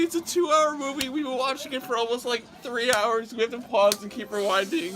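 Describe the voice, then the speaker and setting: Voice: mid-range voice, steady tone, a little fast. A movie reviewer in casual chat, incredulous and laughing to tears, swearing freely. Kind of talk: casual chat while watching a film. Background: film soundtrack playing.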